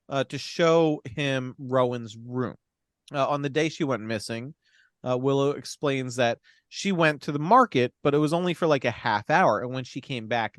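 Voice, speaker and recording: A man of medium pitch casually retells a movie plot as a podcast co-host, acting out lines full of profanity and laughing a lot in his animated delivery. The studio sound is clean, with no room sound.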